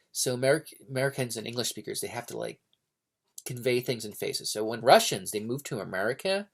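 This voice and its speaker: A man's voice: mid-range voice, creaky. Brief: casual rambling male book reviewer, mid-range voice. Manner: rambling, lots of fillers and restarts.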